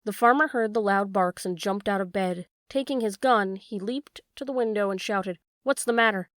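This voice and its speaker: A woman narrating a classic children's tale for an audiobook in a steady storytelling manner. Her voice sits in a middle pitch and the recording is dry and close. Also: moderate pace, no echo. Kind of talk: scripted narration.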